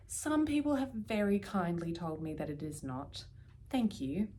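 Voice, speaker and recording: An Australian woman vlogging casually about her knitting, chatty and prone to dropping into soft, near-whispered asides. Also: on the low side, big pitch swings, measured pace. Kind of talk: casual chat.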